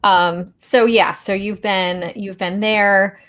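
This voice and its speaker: A woman hosting a casual interview, enthusiastic and quick to affirm her guest. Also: mid-range voice, steady tone, fairly bright tone. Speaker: host.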